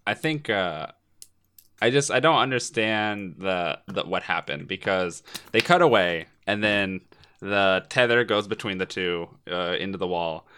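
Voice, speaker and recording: A man's voice: low-pitched, unhurried, sharp tone, a little hiss or hum. A man co-hosting a podcast in casual chat, rambling with many "uh" fillers and casual swearing. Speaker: podcast co-host.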